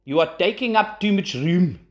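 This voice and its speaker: A man voicing a pushy South African man on a bus, with a rough imitation of a South African accent, speaking slowly and forcefully. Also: high-pitched, expressive, highs cut off, voice pushed up. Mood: bossy. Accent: South African, badly imitated. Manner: forceful, slow and commanding.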